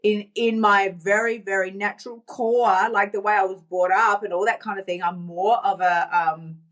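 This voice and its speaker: A woman speaking as a coach to a group, candid and self-reflective. Her pitch sits in an ordinary middle range. She circles back and repeats key phrases to drive her points home. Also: fairly even intonation, normal speed, fairly bright tone. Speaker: weight loss coach.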